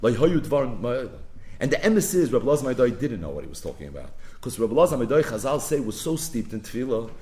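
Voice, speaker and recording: A man's voice: mid-range voice, very animated, a little fast, mellow. A man teaching a Talmud lesson, retelling the story dramatically and building to emphatic peaks. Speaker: Talmud lecturer.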